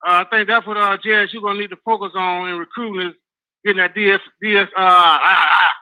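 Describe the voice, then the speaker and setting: A man calling in to a sports show while driving, halting and full of uhs. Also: high voice, smooth, low-quality recording. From Louisiana. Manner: halting, many uhs, talks in an even tone. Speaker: caller.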